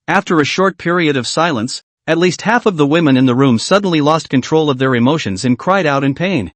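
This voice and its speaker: A man reading out a story recap as narrator, with an animated, lively reading. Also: fairly high pitch, moderate pace, few pauses, no room sound.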